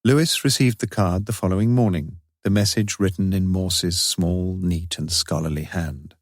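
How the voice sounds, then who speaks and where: A man narrates a detective mystery in a measured, even storytelling manner. His voice sits low, and the recording is close and dry with no room sound. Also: no room sound. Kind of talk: audiobook narration.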